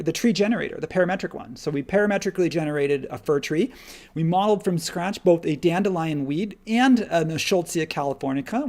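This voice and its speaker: Chatty male tutorial host, rambles while working, gravelly texture. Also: on the high side, darkish tone. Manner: rambling, upbeat, thinks aloud while working. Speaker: live stream host and modeling instructor. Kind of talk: live software tutorial, casual and chatty.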